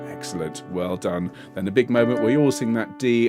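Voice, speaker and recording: A middle-aged man coaching a bass section, patiently explaining and singing lines to show how they go. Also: a little fast, few pauses, music in the background. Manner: demonstrates sung phrases between spoken instructions; encouraging, patient. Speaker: choir director. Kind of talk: choir rehearsal coaching.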